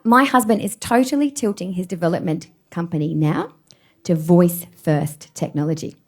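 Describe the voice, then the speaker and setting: A woman in her forties giving a public talk from a stage, telling self-deprecating personal stories with plenty of laughter. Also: lowish voice. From Australia. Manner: animated storyteller, self-deprecating, laughs often. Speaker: keynote speaker.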